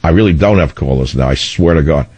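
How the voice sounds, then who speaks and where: Husky baritone talk radio host. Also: male voice, quick pace, dry recording. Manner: combative, rambling, animated. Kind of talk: opinionated talk radio monologue. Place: radio studio. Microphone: studio microphone.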